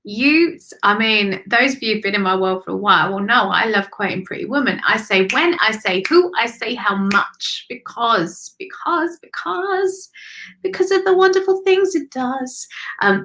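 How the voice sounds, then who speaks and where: A woman's voice: mid-range voice, pushed and bright. A woman hosting a live-streamed intuitive card reading, chatty and effusive, calling listeners honey and darling. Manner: chatty and effusive, thinking aloud. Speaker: spiritual card reader and host.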